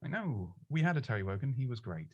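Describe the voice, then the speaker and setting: A man giving casual, chatty advice on presenting, self-deprecating and prone to quick restarts. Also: mid-range voice, sing-song, slightly rough, no room sound, dull audio. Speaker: presenting coach. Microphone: close studio microphone.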